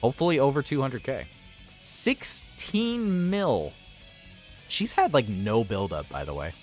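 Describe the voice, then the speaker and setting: A man's voice: mid-range voice, sing-song, measured pace. A man chatting casually on a game live stream, talking to viewers and his pets. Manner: chatty, talks to viewers and pets, laughs often. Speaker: gaming streamer. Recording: faint guitar music behind.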